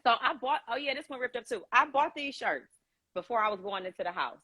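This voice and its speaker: A woman hosts a casual phone livestream and tells her stories bluntly and candidly. Her pitch swings lively as she talks. The sound is close and dry. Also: fairly quick, no echo. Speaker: host of a livestream. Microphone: phone on a video call.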